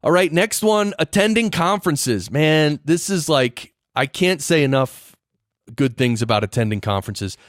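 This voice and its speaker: A man's voice: fairly high pitch, expressive, normal speed, dry recording, clean studio sound. A man hosting a podcast, explaining things in a casual, chatty way with lots of fillers and restarts. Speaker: podcast host. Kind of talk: casual solo podcast talk.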